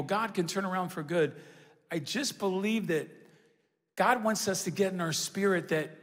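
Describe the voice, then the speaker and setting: Male pastor, high tenor, preaching style with repeated emphatic lines, live in a large reverberant church hall. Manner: call-and-response preaching, repetitive emphatic phrasing. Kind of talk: sermon.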